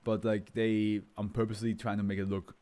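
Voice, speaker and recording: A man's voice: fairly low pitch, flat delivery, brisk, warm tone. A man talking in a loose, rambling way, full of fillers and laughs, then reading a document aloud as a streamer. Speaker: host reading to a live stream. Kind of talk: casual chat and reading aloud.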